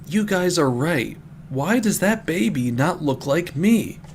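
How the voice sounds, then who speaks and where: A clueless teenage boy mulls things over slowly in a slightly raised voice, as a man reading aloud puts him on. The voice is puzzled, with a gravelly edge. It is a storybook voice over a faint hiss. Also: on the high side, lively intonation, voice pushed up.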